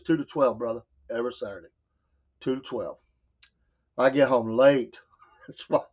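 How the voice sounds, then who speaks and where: Southern male co-host, high voice, casual storyteller who keeps laughing and acts out quotes, lo-fi sound. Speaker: show co-host. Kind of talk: casual chat. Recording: dull lo-fi sound.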